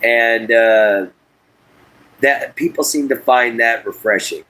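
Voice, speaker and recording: A man with a drawl hosts a laid-back livestream, chatting with viewers in a folksy, unhurried way. His voice sits in a middle pitch, and he talks from inside an RV. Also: pushed and bright, rough recording. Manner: folksy, drawling, reads chat aloud. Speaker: livestream host. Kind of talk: casual livestream chat.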